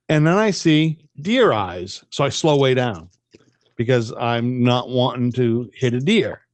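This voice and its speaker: A man's voice: mid-range voice, no room sound. A man casually telling a long, rambling story on a podcast, swearing freely. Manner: profane, rambling, animated storyteller. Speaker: podcast co-host.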